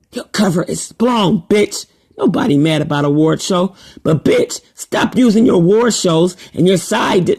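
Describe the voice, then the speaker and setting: An older woman ranting on a vlog in an animated, mocking way. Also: gravelly, slightly rough. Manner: animated and mocking, with wide pitch swings. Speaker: vlogger.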